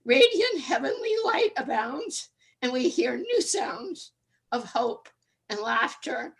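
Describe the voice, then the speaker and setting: An older woman reads her own poem aloud over a video call. Her voice sits high and her pace is unhurried. She reads earnestly, with feeling and a strong rhythm. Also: sing-song, creaky, breathy edge, low-quality recording. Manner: emotional, earnest, rhythmic reading. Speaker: open mic poet.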